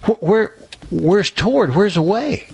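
A frantic, worried middle-aged wife, as a man puts her on while telling a joke. Her voice rises high with fretful questions. It comes across as dry and a little husky. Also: animated, a little slow, a little mellow, no room sound, heavily acted.

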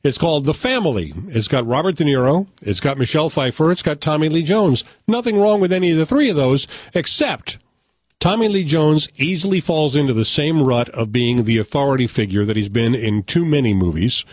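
A man's voice: on the high side, lively intonation, brisk, no echo. Wry male radio host, dry sound. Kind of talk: casual radio chat.

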